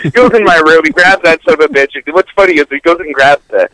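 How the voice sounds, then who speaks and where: A man's voice: on the high side, fast talker, few pauses, rough recording. A man telling a crude comic story on a radio show, cursing often and laughing as he goes. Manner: profane, animated, laughing through the story.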